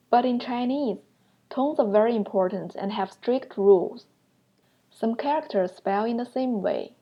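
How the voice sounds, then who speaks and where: A woman's voice: medium pitch, muffled recording. A young woman teaching an online language lesson, patiently explaining points step by step and sounding out examples aloud.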